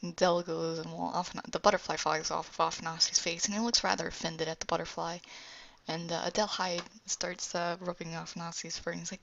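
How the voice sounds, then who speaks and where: A woman casually narrating an animation pitch scene by scene, rambling with asides. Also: level tone, brisk, vocal fry, a bit bright, a little hiss or hum. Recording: dull lo-fi recording.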